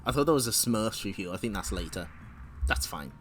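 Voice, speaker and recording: A man's voice: lowish voice, expressive, a little fast, slight background noise. A man hosting a casual comic read-along stream, laughing often and making wry asides. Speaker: streamer reading comics aloud.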